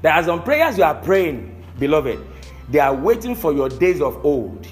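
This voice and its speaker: A man's voice: fairly high pitch, very animated, moderate pace, a little mellow, soft background music. A male pastor preaching a sermon, emphatic, often asking the congregation if they are listening.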